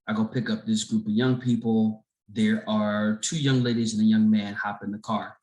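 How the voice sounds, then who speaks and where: A middle-aged man from Chicago telling a story as a podcast guest, animated and acting out the people in it. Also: fairly low pitch, moderate pace. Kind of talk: casual storytelling. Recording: roomy echo.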